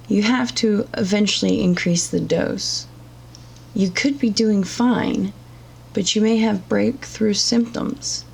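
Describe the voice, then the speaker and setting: Gravelly, slow-talking woman giving blunt commentary. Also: medium pitch, a little mellow, slight background noise. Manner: blunt, profane and sarcastic. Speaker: commentary vlogger. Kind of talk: reaction commentary.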